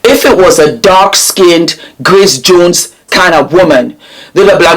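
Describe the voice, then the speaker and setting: A woman's voice: fairly low pitch, takes it slowly. A woman vlogger reading celebrity news aloud and breaking off for emphatic, sassy asides to her viewers.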